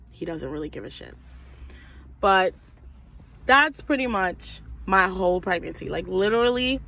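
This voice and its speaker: Young woman, casual storytime vlogger: profane, animated venting, acts out the voices in her story. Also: lowish voice.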